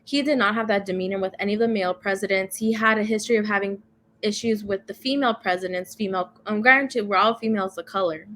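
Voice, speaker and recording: A woman's voice: medium pitch, quick pace, slight background noise. A woman, a guest in an interview, telling a story in casual conversation and acting out the other people in it. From first-generation Latina in the United States. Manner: animated, quotes others in dialogue.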